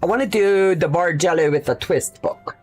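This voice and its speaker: A woman's voice: lowish voice, moderate pace, darkish tone, faint music behind. A woman hosting a quilting livestream, thinking aloud in a chatty way and answering viewer questions as she sews. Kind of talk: casual live sewing demonstration.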